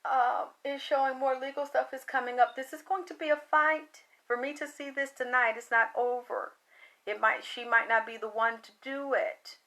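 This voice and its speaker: A woman's voice: sits high, fairly even intonation, moderate pace, pushed and bright. A tired woman talking to her livestream viewers, emotional and rambling, often trailing off into sighs. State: tired from late night. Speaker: psychic reader.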